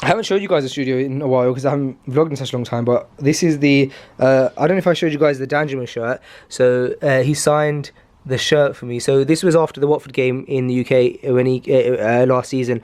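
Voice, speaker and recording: A man's voice: mid-range voice, a little fast. Chatty young vlogger man. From Pakistani heritage. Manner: chatty, rambling, excitable, many fillers and restarts. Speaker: vlogger and podcast host. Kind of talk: casual vlog to camera.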